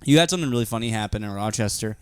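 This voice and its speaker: A young man co-hosting a casual podcast, deadpan and dry, breaking into laughter as he tells stories. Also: lowish voice, very fast, clean tone, no room sound. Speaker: podcast co-host. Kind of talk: casual chat.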